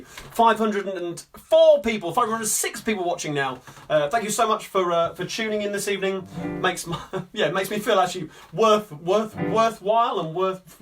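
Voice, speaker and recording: High-ish guy hosting a sing-along stream, chatty and rambly, bit far from the mic, guitar going. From Coventry, England. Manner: upbeat, rambling, with many fillers and restarts. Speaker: singer and host of a live-streamed sing-along. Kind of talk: chatty live-stream banter between songs. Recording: distant mic with guitar playing.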